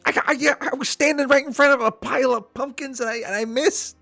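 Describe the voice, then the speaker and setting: A man's voice: very high voice, fairly even intonation, quick pace, creaky, bright, forceful tone, soft background music. A man playing his character in a tabletop game, stammering and flustered. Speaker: player.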